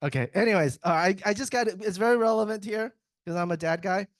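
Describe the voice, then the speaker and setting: A man's voice: high voice, quick pace, no echo. A man in IT giving a casual, joking conference presentation, chatty and often breaking off mid-sentence to restart. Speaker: IT speaker at a tech summit.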